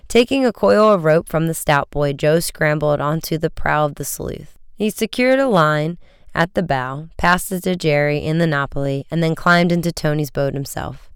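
An audiobook narrator reads an adventure chapter in a lively, scripted manner. The voice is exceptionally clear and resonant, recorded close with a completely dry sound. The middle pitch stays easy and even. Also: normal speed, dry recording.

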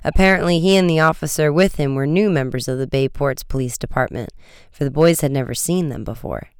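Smooth, dry-voiced audiobook narrator. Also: medium pitch, no echo. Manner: brisk, vivid storytelling with raised shouts for dialogue.

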